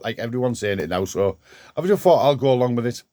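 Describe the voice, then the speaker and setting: A man's voice: mid-range voice, expressive, fast talker, warm tone, no room sound, clean studio sound. An older man vlogging from his garden shed workshop, rambling chattily with restarts as he talks to camera. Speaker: DIY vlogger. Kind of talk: casual vlog.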